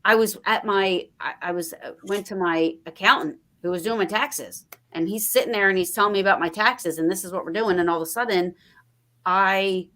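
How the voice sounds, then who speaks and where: A woman's voice: medium pitch, brisk. Chatty woman host telling stories. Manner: chatty storyteller, animated quoting of others. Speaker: podcast host. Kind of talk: casual chat.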